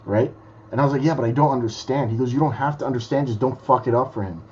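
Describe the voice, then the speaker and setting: A man's voice: mid-range voice, quick pace, darkish tone, lo-fi sound, a little hiss or hum. Blunt, foul-mouthed man telling stories. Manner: blunt, swears freely. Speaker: guest magician. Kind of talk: casual podcast chat.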